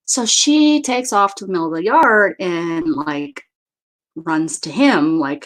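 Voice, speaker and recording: A woman's voice: mid-range voice, expressive, slow pace. Rambling woman hosting a chatty livestream. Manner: rambling storyteller who greets viewers by name mid-story; trips over words and restarts often. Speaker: livestream host. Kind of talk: casual chat.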